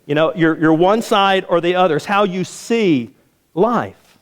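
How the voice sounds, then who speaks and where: A man's voice: high voice, unhurried. Man preaching in a reverberant sanctuary. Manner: folksy storytelling with repeated phrases. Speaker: pastor. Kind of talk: sermon. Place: church sanctuary. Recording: long hall reverb.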